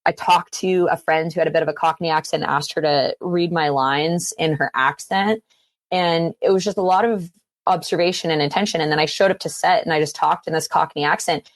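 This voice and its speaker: A woman from Canada, chatting as an interview guest, full of fillers and quick laughs. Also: low-pitched, steady tone, no echo. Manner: chatty, many fillers and restarts, laughs easily. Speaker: guest actor and filmmaker. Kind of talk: casual interview chat.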